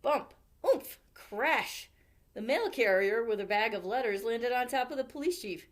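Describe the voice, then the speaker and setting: A woman, a youth services librarian, reading a picture book aloud at storytime with expressive delivery. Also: fairly high pitch, a little fast.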